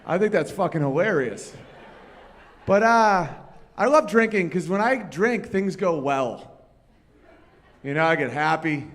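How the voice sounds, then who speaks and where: A man's voice: sits high, animated, unhurried, pauses often. A man doing a live stand-up set on a comedy club stage, telling profane, rambling stories and bantering with the crowd. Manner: crude, profane, rambling storytelling.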